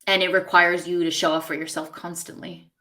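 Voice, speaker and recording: A woman's voice: fairly low pitch, level tone, brisk, pushed and bright. Earnest New woman hosting a podcast. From New York. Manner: earnest and reflective, with many "like"s and "you know"s. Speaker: podcast host. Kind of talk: casual podcast conversation.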